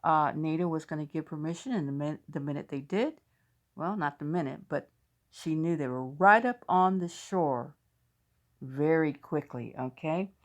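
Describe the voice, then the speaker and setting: A woman's voice: low voice, moderate pace. A woman from the United States hosts a faith channel and chats casually while reading out viewers' dreams, talking straight to her audience. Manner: chatty, talks straight to viewers. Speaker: host of a faith video channel.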